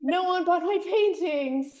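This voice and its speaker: Slow-reading woman student in echoey room. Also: very high-pitched, a little mellow. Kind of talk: reading own comic aloud.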